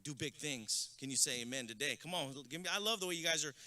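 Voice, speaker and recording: A man from San Antonio, a guest speaker giving a rousing motivational graduation speech, mixing personal stories and jokes with shouted calls to the crowd. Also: on the high side, expressive, quick pace. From San Antonio, Texas. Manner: storytelling with jokes.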